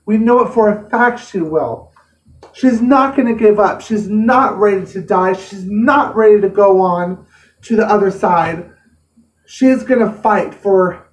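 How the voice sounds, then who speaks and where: A woman's voice: mid-range voice, a little mellow, far from the mic. Woman, earnest emotional vlogger, roomy echo, a little off-mic. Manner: earnest, emotional, repeats herself. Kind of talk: personal vlog update. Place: home room.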